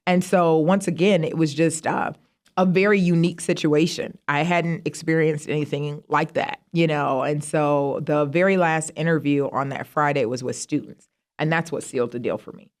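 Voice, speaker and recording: A middle-aged woman, a university vice president, telling stories in a casual interview, animated and jumping high in pitch when she quotes herself. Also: normal speed. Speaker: guest, university vice president of student affairs.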